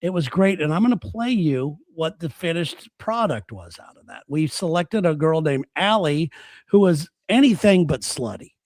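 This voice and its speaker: Male talk host, high-ish voice, dry close sound, chatty storyteller. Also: animated, normal speed, a little mellow, no room sound. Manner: storytelling, laughs while talking. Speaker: radio show host. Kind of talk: casual chat.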